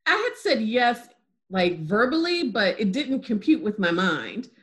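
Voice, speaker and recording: A woman as an interview guest, telling a personal story in a lively way, acting out dialogue and laughing easily. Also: unhurried. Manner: animated storyteller, acts out dialogue with lively pitch jumps. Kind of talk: casual testimony interview.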